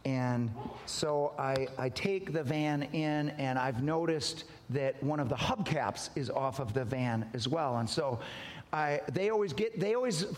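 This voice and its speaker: A man preaching a sermon as a story, animated and acting out the dialogue. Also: unhurried, big-room sound, slight background noise. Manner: animated, wide swings in pitch and loudness, acts out dialogue. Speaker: pastor.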